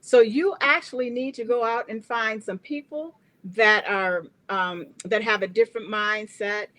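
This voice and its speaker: A woman hosting a panel discussion, talking in an earnest, conversational way with pauses and fillers. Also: on the high side, bright, forceful tone, dry recording.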